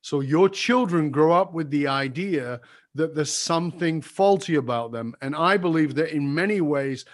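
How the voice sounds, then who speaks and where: Older male guest, earnest, confessional storyteller, softens at the tender moments. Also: moderate pace. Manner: earnest, confessional, drops soft and low when recalling apologies. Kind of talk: reflective personal storytelling.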